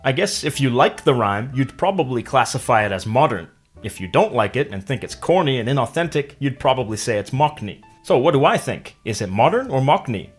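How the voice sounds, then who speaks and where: A man narrating a scripted language lesson, explaining clearly and stretching example words out slowly. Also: mid-range voice, sing-song, soft background music. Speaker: language teacher.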